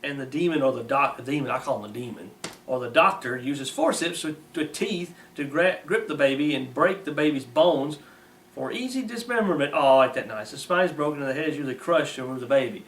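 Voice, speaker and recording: A man with a fairly high voice gives blunt, scornful moral commentary, reading from a text and mocking as he goes. His folksy grammar comes through plainly. The sound is roomy and distant from the mic, with a faint hiss behind it. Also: expressive, a little fast, fairly bright tone. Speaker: preacher.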